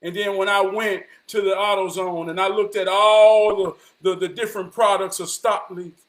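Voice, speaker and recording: A man, telling a personal story in an animated, vernacular way. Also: sits high, moderate pace. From Charlotte, North Carolina. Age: 40s. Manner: animated, vernacular, quotes people in dialogue.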